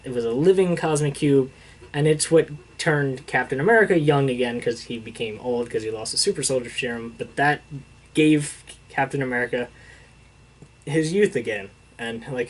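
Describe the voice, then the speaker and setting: A young man casually recapping a comic book issue, rambling with fillers and acting out the characters' lines as he quotes them. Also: on the high side. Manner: rambling retelling with filler words and quoted dialogue.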